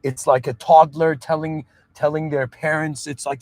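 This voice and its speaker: Casting: earnest man, slightly high voice, reflective monologue, frequent restarts, dry mic. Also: flat delivery, moderate pace, a little mellow, no echo. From moved to Canada at seven. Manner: earnest, restarts often, asks "do you understand?". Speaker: podcast host.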